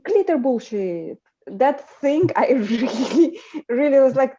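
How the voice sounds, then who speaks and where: A woman hosting a livestream chat, talking in an animated way with lots of fillers and restarts. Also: high-pitched, slow, breathy edge, dull audio. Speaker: livestream host. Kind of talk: casual group chat on a livestream.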